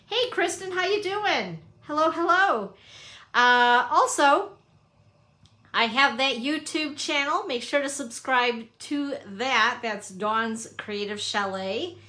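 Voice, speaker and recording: A woman's voice: sits high, lively intonation, slow pace, bright, forceful tone. A middle-aged woman hosting a casual live crafting stream, chatty and upbeat, greeting viewers by name. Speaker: papercrafting demonstrator and live stream host. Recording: echoey room.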